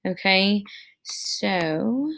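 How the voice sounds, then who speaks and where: A woman teacher giving her students casual recorded instructions, halting and hesitant as she works through what she wants to say. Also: mid-range voice, animated, creaky, a bit bright. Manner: halting, with frequent fillers and restarts.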